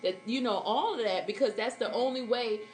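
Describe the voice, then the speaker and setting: A woman's voice: fairly high pitch, a little fast, roomy sound, slight background noise. A woman guest in a podcast chat, talking earnestly and reflectively about marriage. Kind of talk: casual chat.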